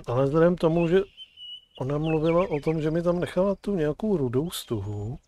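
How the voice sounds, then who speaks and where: A man's voice: fairly high pitch, expressive, a little fast, warm tone, slight background noise. A man streaming a game, thinking aloud in casual commentary.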